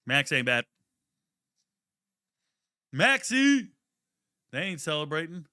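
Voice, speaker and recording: A young man hosting a live draft watch party, chatting casually and telling stories in a slangy, profane, animated way with sudden loud outbursts. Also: medium pitch, moderate pace, no room sound, clean studio sound. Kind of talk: casual live commentary and storytelling.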